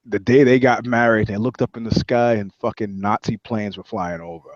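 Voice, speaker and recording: A man's voice: lowish voice, normal speed, dry recording, muffled recording. A man co-hosting a casual podcast, telling stories animatedly and swearing freely. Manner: animated storyteller, swears a lot. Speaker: podcast co-host. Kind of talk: casual profane chat.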